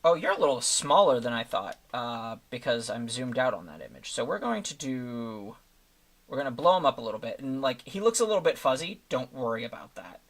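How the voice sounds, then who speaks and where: Big pitch swings mark this fairly quick, bright, mid-range male voice. He's a casual streamer making thumbnails, rambling through live commentary and thinking aloud with many fillers.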